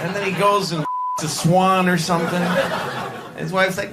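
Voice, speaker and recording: A man doing a stand-up comedy set, rambling and breaking off mid-sentence, acting out characters with sudden shouts. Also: high-pitched, fairly even intonation, moderate pace. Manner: rambling, self-interrupting, acts out characters with shouts. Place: comedy club stage with audience. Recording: noisy live club recording.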